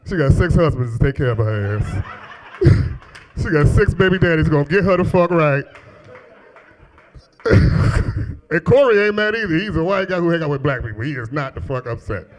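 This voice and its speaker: A man in his thirties with a deep voice, doing a profane, animated stand-up comedy set on a club stage into a handheld mic. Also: normal speed, pauses often, poor audio. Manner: profane, animated storytelling with exaggerated quoted voices.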